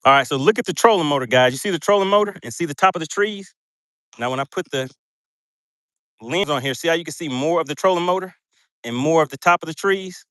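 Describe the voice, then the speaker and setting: A man's voice: fairly high pitch, a bit bright, dry recording, clean studio sound. A man hosting a fishing livestream from a boat, chatting casually and reading out viewer comments with frequent laughs.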